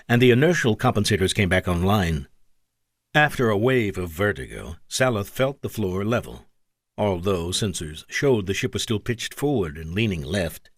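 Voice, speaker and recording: Reading a scripted audiobook, a man adjusts his pitch and pace whenever characters speak. The sound is clean studio audio with no echo.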